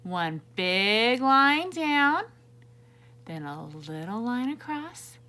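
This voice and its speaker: A woman teacher reading a picture book to young children and teaching letters, gentle and encouraging, asking them questions. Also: a little high, very animated, extremely slow.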